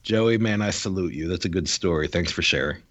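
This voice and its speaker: A man's voice: deep voice, a little fast, dry recording. A man co-hosting a podcast, chatting casually and rambling through his stories with restarts. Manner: rambling, many restarts and fillers. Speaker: podcast co-host. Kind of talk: casual chat.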